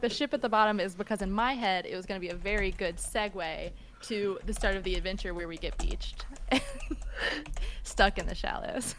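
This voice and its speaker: A woman's voice: mid-range voice, fairly bright tone, a little hiss or hum. Giggly woman running a tabletop game. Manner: upbeat and giggly, with frequent laughs and restarts. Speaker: game master. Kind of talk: narrating a tabletop role-playing game on a live stream.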